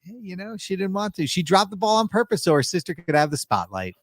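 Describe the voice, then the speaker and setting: A man's voice: high-pitched, very animated, quick pace, dry recording, studio quality. A man co-hosting a podcast in casual chat, playfully teasing his co-host.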